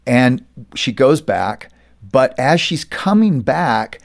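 Animated storytelling pastor, a man. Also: medium pitch, slow, creaky. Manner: animated storyteller, acts out quoted voices. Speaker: pastor and author, guest. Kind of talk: storytelling interview talk.

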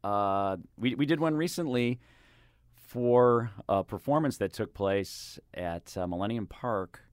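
A radio host chats casually in the studio, rambling, correcting himself, and mimicking voices as he tells anecdotes. His lowish voice is slow, clear, and resonant, captured dry on a studio microphone.

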